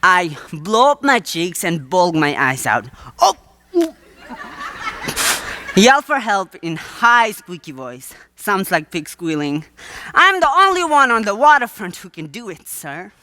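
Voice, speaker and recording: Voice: medium pitch, big pitch swings, slow pace, sharp tone, exaggerated voice. A teenage student actor playing a wheedling male waterfront huckster in a live school stage play, with a theatrical salesman's patter.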